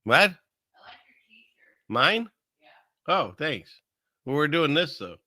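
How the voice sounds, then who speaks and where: A man's voice: a little high, sing-song, extremely slow, sharp tone, dry recording. A man hosting a casual livestream, rambling conversationally and reading Bible verses aloud. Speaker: live stream host. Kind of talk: casual livestream commentary on scripture and conspiracies.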